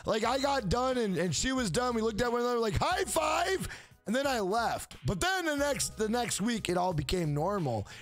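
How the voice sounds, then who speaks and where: A man's voice: sits high, sing-song, a little fast, few pauses. A man live-streaming a game, rambling through crude, profane stories and talking back to his chat by name. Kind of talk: casual chat while gaming on a live stream.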